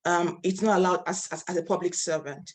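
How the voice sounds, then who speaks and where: A woman's voice: on the low side, a little fast. A woman from Nigeria, a nonprofit founder, telling her story as a guest speaker over a video call, earnest and passionate. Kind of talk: interview storytelling.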